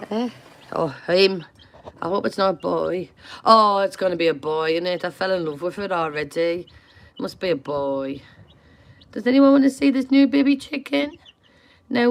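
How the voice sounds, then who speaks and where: A woman hosting a casual live stream, chatting in a rambling, self-mocking way about her birds. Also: mid-range voice. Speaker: livestream host. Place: home with chickens.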